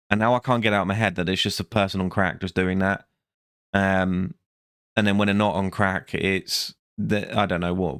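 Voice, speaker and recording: A worn-out man rants through a rambling, sarcastic vlog review, correcting himself as he goes. His voice sits fairly low and sounds dry and close, with no room around it. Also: fairly bright tone, dry recording. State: tired. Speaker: vlogger.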